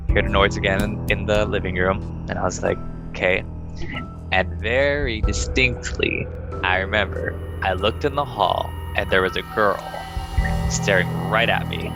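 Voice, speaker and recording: A young man casually telling a ghost story on a podcast, acting out quoted lines in a higher voice. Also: normal speed, over music, poor audio. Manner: animated, acts out quoted dialogue in a higher voice.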